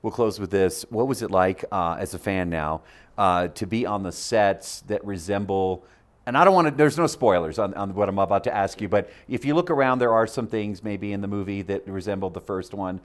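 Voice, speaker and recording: A man's voice: on the low side, normal speed. A man interviewing guests, asking questions in a friendly, enthusiastic way.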